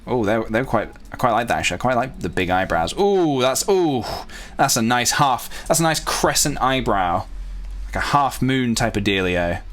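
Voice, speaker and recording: A man's voice: medium pitch, very animated, normal speed, a bit bright. Rambling casual man narrating his drawing. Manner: rambling, self-talking, playful asides. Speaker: youtuber drawing on stream.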